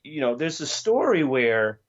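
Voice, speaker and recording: A man's voice: medium pitch, unhurried, dull audio. A man co-hosting a podcast in casual chat, ranting and retelling a story with frequent swearing. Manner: profane, ranting, animated retelling. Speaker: podcast co-host.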